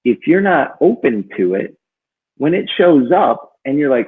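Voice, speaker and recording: A man with a slightly husky voice tells a long personal story in a loose, rambling way, full of fillers and restarts. The sound is thin and phone-like. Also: fairly high pitch, measured pace. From northern Minnesota. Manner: rambling, many fillers, lively when quoting himself. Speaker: book club co-host. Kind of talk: casual storytelling chat. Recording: tinny phone-like audio.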